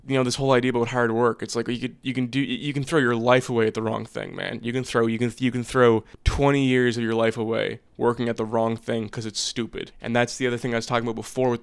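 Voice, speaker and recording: A young man in his twenties rants straight to the camera, swearing freely and speaking with restless, earnest bluntness. His voice is smooth and clear, sitting at an ordinary middle pitch. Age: 20s. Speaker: vlogger. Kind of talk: unscripted rant to camera.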